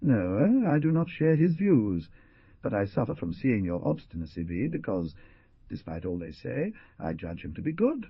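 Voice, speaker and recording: A man's voice: mid-range voice, wildly swooping pitch, moderate pace, breathy edge, no echo, lo-fi sound, pitched above the performer's own voice, exaggerated voice. A man reading the part of a bitter, brooding young outlaw in an audiobook, with intense, impassioned pleading.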